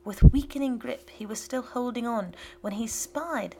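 A woman giving scripted narration of a literary story in a hushed, half-whispered delivery. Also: a little high, measured pace, a little hiss or hum.

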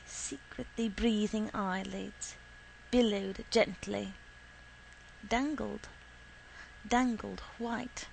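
Woman, literary story reading, very slow, measured, faint hum behind. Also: mid-range voice, creaky, poor audio. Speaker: reader.

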